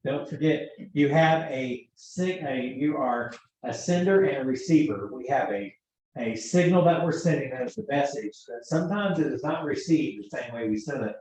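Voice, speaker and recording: An EMT instructor with a mid-range, darkish voice tells work stories to his class at normal speed, animated and chatty, acting out the quoted dialogue. He sounds far from the mic in an echoey room, and the audio is dull.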